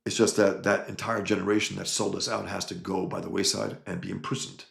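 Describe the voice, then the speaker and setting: Low gravelly man, emphatic livestream rant. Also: level tone, fairly quick, few pauses, a bit bright, roomy sound. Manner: emphatic, rambling, with restarts. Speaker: livestream host reading chat. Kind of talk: casual livestream chat.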